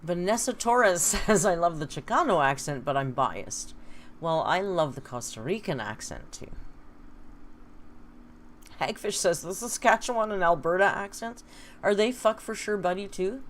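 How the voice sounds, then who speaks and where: A woman's voice: fairly low pitch, lively intonation, measured pace, a little hiss or hum. A woman hosting a casual livestream from home, chatty and wry, reading viewer comments aloud. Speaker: livestream host. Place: home, indoors.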